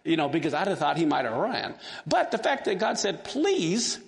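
Brisk and very animated, his voice runs on the high side with vocal fry. He walks a class through a Bible passage, actively asking them questions, and long hall reverb fills the recording.

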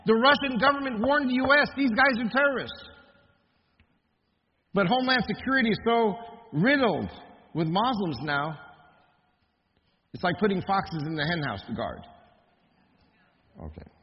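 A man's voice: high voice, lively intonation, normal speed, pauses often, dull audio. Man lecturing in an echoing hall. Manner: emphatic, with rhetorical questions to the audience. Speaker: speaker. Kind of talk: impassioned lecture.

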